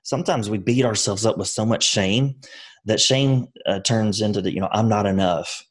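A man's voice: on the low side, normal speed. A man speaking as a podcast guest, giving earnest motivational advice with frequent restarts. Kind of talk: conversational interview.

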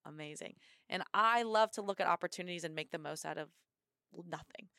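A young American woman talks in a casual podcast interview, her voice smooth and resonant and set a little low. She tells stories with bright energy and slips into voices when she quotes people. The sound is dry and close, with no room echo. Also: fairly quick. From United States. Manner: energetic, upbeat storyteller who acts out quotes. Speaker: guest, Marine officer and bobsled athlete.

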